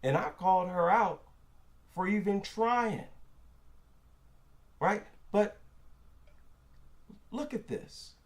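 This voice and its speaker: Slow, emphatic high-pitched man. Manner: emphatic, indignant, repeats lines for stress. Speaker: commentator. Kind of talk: opinion commentary video.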